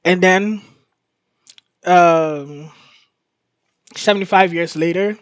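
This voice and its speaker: A man hosting his show, casually recapping a TV episode in an excited, storytelling way. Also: high-pitched, takes it slowly, smooth, no echo. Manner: excited storytelling, laughs and gasps in disbelief. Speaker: host.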